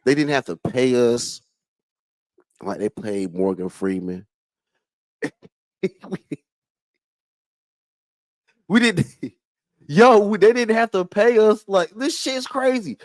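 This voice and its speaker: A man hosting a casual livestream chat, excitable and profane, jumping between loud outbursts and low muttering, and stumbling when he reads aloud. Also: slow, long pauses, no room sound, low-quality recording. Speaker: livestream host.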